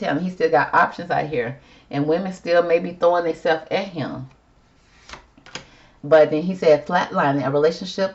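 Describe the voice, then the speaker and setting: A woman's voice: low-pitched, a little mellow, lo-fi sound. A woman doing a casual tarot reading, chatty and sassy, calling viewers girl and y'all. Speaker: tarot reader.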